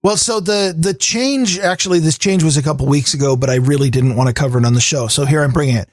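A middle-aged man co-hosting a podcast, talking in a wry, halting way with frequent restarts. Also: a little high, dry recording. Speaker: podcast co-host. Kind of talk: casual chat.

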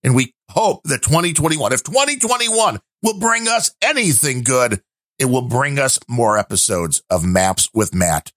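Lively joking podcast host man. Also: medium pitch, normal speed, no echo, clean studio sound. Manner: animated, joking. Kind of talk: casual podcast chat.

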